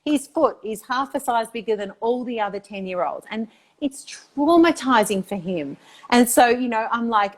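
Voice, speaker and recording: A woman's voice: a little high, animated, normal speed. A middle-aged woman, chatting enthusiastically as an interview guest, full of "like" and "you know". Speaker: guest, institute founder. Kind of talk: casual interview chat.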